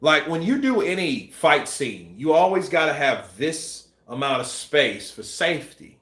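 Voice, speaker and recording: A man hosting a boxing news channel, chatting casually and acting out scenes with shouts and sound effects. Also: fairly high pitch, sing-song, unhurried, echoey room. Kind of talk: casual live-stream chat.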